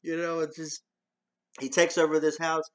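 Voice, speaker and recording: A man's voice: fairly high pitch, completely flat delivery, moderate pace, fairly bright tone. A man chatting his way through a movie review. His talk is loose and rambling, with lots of restarts and the odd swear word. He stays casual throughout.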